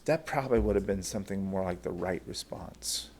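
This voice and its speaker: A man's voice: sits low, brisk, darkish tone, a little hiss or hum. A man teaching a bible school class in a conversational way, often repeating words as he starts a thought.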